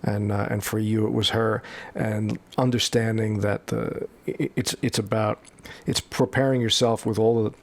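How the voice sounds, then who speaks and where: A man's voice: fairly low pitch, level tone, normal speed, gravelly. A male host interviewing a guest, reflecting aloud and often restarting his phrases. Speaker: podcast host. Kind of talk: interview conversation.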